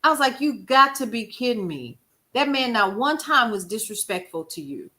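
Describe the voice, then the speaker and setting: A woman hosting a casual livestream, talking to viewers in a folksy, expressive way, calling out names from the chat and telling stories with lively quoted asides. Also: on the high side, moderate pace. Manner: expressive, folksy, animated storytelling with chat shout-outs. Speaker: livestream host.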